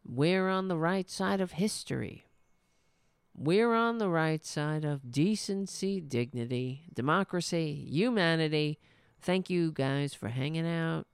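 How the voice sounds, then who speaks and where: A woman's voice: unhurried, smooth, dry recording, studio quality. A woman podcast host chatting casually and signing off her show. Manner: coaxing her cat in a soft high voice, then upbeat sign-off. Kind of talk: casual livestream sign-off.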